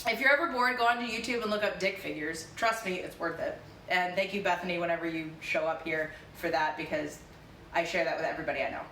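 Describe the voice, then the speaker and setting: A woman hosting a casual cooking livestream from her home kitchen, loose and quick to laugh, swearing casually. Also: fairly low pitch, pushed and bright. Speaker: cooking stream host. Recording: echoey kitchen, distant mic, faint hiss.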